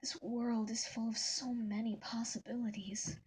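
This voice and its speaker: A woman doing Toriel, a soft motherly monster. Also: on the high side, flat delivery, moderate pace, slight background noise, natural voice, rough recording. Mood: tender. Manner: soft, tender, hushed. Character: gentle motherly female goat monster.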